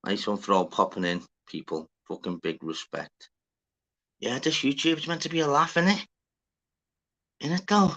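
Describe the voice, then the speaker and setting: A man's voice: medium pitch, steady tone, normal speed, pauses often, fairly bright tone. A man hosting a casual livestream, rambling, swearing and greeting viewers by name. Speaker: livestream host. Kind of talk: casual live chat.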